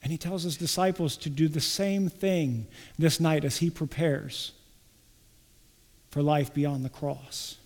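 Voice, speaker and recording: Slow, high-voiced preacher in a hall. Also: male voice, steady tone, darkish tone. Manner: slow, deliberate preaching with emphatic quoted lines. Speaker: pastor. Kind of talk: sermon.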